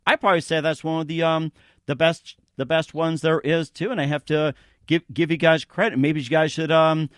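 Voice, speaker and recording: A man hosting a radio talk show, chatting casually with guests in a rambling, halting way. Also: a little high, steady tone, no room sound, studio quality. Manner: rambling, halting with repeated starts. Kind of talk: casual interview chat.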